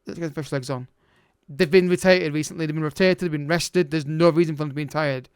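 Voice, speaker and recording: A man's voice: on the high side, fairly even intonation, fast talker, clean tone, no echo, clean studio sound. Exasperated man commentating a game. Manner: exasperated, urgent, talks to the players. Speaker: let's play host.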